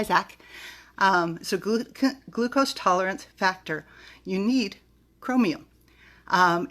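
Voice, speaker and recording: A woman's voice: mid-range voice, a bit bright. A middle-aged woman from the United States, chatting casually to the camera about vitamins in a bubbly, giggly way, stumbling over words now and then. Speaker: vlogger reviewing vitamins.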